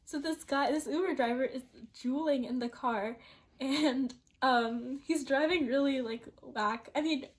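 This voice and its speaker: A woman's voice: sits high, unhurried. A young woman in her late teens telling a storytime vlog, chatty and rambling, with lots of "like" and restarts, often laughing as she goes. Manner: chatty and rambling, heavy use of "like", frequent restarts. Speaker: vlogger.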